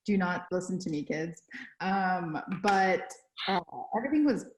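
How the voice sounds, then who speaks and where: A woman's voice: lowish voice, animated, slow, echoey room, rough recording. A young woman from Texas co-hosting a podcast from home, chatting casually with lots of fillers and restarts. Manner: rambling, lots of fillers and self-corrections. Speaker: podcast co-host. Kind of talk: casual chat.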